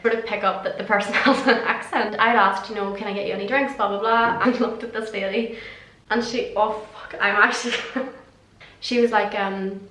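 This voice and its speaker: A woman's voice: mid-range voice, fairly bright tone. Gal in her 20s just chatting away, laughs a lot, bit of swearing, echoey room. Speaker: vlogger. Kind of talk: casual chat answering questions. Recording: roomy echo.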